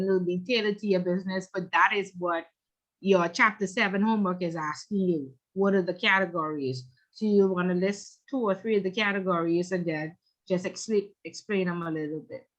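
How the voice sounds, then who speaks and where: A woman's voice: lowish voice, fairly quick, a bit bright. A woman instructor teaching an online class, chatty and teasing, telling stories between questions to her students. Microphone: video call. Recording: dull lo-fi video call audio.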